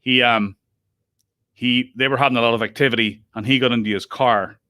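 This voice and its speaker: A man's voice: medium pitch, steady tone, fairly quick, pushed and bright, no echo, studio quality. A man hosting a podcast, chatting casually with guests, self-interrupting and laughing often. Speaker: podcast host. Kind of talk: casual group chat.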